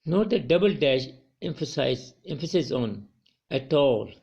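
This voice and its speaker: A man's voice: on the high side, expressive, unhurried, darkish tone, muffled recording. A male college English teacher giving a recorded poetry lecture to students, often repeating and correcting his words as he explains.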